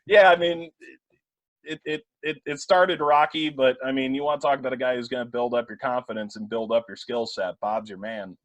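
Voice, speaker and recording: A man in his twenties, a play-by-play broadcaster, telling animated anecdotes in a casual interview with many fillers and restarts. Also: mid-range voice, a little fast, dry recording. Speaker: play-by-play broadcaster, podcast guest. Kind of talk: casual storytelling chat.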